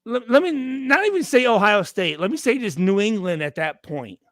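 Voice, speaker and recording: A man, a former football player, telling profane stories in casual chat and acting out loud reenactments. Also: high-pitched, very animated, moderate pace, no echo, studio quality.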